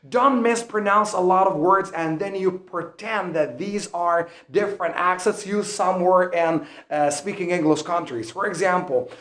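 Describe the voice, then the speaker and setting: A man's voice: high-pitched, a bit bright. A man teaching an online English lesson in an earnest, instructive way, whose first language is Arabic. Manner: earnest, instructive, slow deliberate explanations. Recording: roomy echo.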